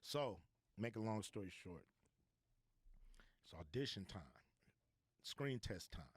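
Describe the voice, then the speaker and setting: Low laid-back guy telling a story on a podcast, slangy, dry mic. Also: expressive, takes it slowly, slightly rough, no echo. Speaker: podcast guest. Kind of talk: casual storytelling.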